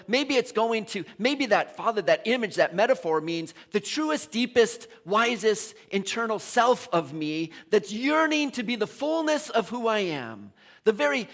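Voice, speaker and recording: A middle-aged male minister giving a conversational sermon, telling the story in an animated way and often repeating and restarting his words. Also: sits high.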